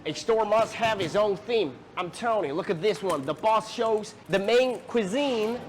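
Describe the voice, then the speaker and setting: A man selling light boxes in a cheery, folksy sales pitch, using a put-on American country accent blended with other accents, recorded on a factory floor. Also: a little slow, slight background noise. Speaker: light box company spokesperson.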